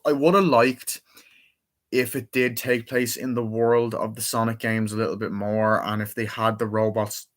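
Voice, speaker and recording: A man's voice: fairly low pitch, a bit bright. A young man chatting casually through a movie review, rambling and swearing freely as he retells favorite scenes.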